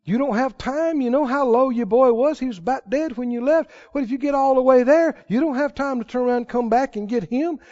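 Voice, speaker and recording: A preacher voicing a sly male devil who whispers doubts, hushed and insistent. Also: very high-pitched, fairly quick, few pauses, muffled recording, voice pushed up. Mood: needling.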